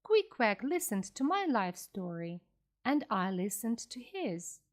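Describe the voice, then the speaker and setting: A woman reading a classic story aloud slowly and clearly for English learners. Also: fairly high pitch. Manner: slow, clear, expressive reading. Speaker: audiobook reader for learners.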